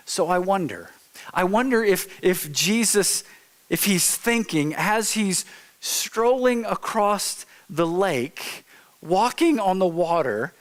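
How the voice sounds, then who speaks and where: Male pastor, light high voice, informal sermon that acts out its stories. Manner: informal, storytelling, acts out quotes. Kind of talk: conversational sermon. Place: church sanctuary.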